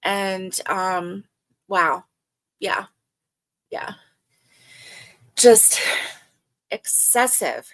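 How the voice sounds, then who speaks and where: Speaking extremely slowly with long pauses, this older woman chats warmly on her livestream in a mid-range voice. She reads out comments from viewers and pads her speech with plenty of fillers.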